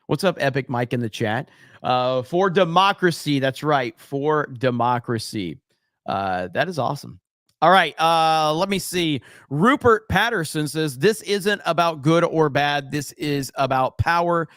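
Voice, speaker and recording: A man's voice: a little high, measured pace, a bit bright, dry recording, clean studio sound. Profane man hosting a livestream. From Alabama. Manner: loose, profane, reads chat aloud. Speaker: livestream co-host. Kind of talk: casual profane stream chat.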